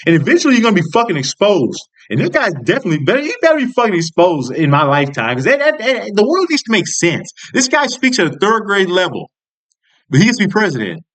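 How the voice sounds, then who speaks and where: A man's voice: high-pitched, huge pitch swings, quick pace, a bit bright. A young man ranting angrily in a vlog, swearing constantly, restarting sentences and rambling with frustration. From United States. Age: young adult. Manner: angry, profane, rambling rant with many restarts. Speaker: vlogger. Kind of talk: political commentary rant.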